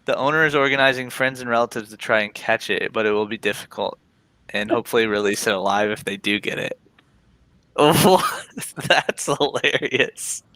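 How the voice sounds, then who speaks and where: A man's voice: medium pitch, normal speed, bright, forceful tone, dry recording, low-quality recording. A man hosting a casual live stream, reading an article aloud and chatting with a guest in a laid-back way.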